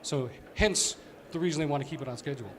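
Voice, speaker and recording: A man's voice: on the high side, fast. A man giving a conversational conference presentation as an operations executive, explaining with fillers.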